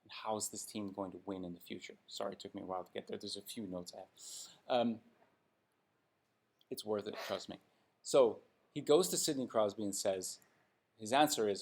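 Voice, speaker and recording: A man's voice: on the low side, moderate pace, creaky, long pauses, darkish tone. Blunt, sarcastic male hockey commentator. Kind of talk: opinionated commentary vlog.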